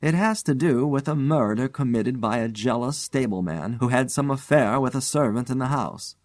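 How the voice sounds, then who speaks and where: A man's voice: mid-range voice, lively intonation, moderate pace, a little mellow, dry recording, clean studio sound, natural voice. A man reading the part of an elderly spinster aunt, eager and strong-willed, in a spoken ghost story. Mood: earnest.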